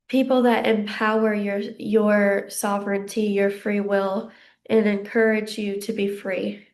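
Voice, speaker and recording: A young woman gives a tarot reading in a slow, unhurried way, her voice catching in a gravelly fry. She sounds a touch out of breath. She stays gentle and reassuring and wanders a little with fillers. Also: mid-range voice, little pitch movement. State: slightly out of breath. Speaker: tarot card reader. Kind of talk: casual psychic reading to camera.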